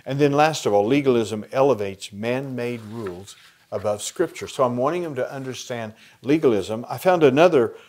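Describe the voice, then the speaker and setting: A man with an American accent explaining a Bible passage in a conversational lesson, pausing with fillers. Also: mid-range voice, darkish tone. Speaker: Bible study teacher. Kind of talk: teaching a lesson plan.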